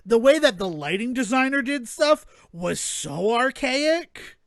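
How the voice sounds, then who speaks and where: A man's voice: extremely high pitch, sing-song, unhurried, no room sound. A man in his thirties co-hosting a podcast, telling rambling stories with frequent chuckles. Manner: rambling storyteller, chuckles often. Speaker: podcast co-host. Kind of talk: casual chat.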